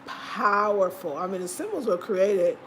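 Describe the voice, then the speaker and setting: A woman talks to her viewers in a loose, chatty vlog, with emphatic, expressive delivery. Her voice sits at a middle pitch for a woman, and a faint noise runs under it. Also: unhurried, low-quality recording. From United States. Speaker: vlog host. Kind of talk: casual vlog chat.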